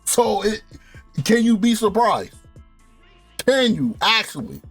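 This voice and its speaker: A young man with a high, bright speaking voice, rattling off a casual, profane TV recap. He laughs often and gets worked up as he talks. The sound is dry and close, with faint music underneath. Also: sing-song, slow, breathy edge, no room sound. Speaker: TV show reviewer. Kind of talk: casual review rant.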